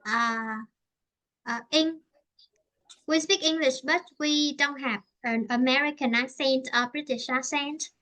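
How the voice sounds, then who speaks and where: A woman's voice: sits high, measured pace, bright, forceful tone, rough recording. A woman English teacher with a southern Vietnamese accent, chatting and explaining at length in a conversational lesson, with many fillers and restarts.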